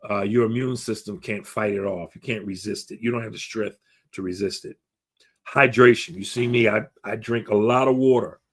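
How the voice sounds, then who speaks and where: A man's voice: mid-range voice, fairly bright tone. A man talking to camera as a grief counselor, giving earnest advice with many fillers and restarts.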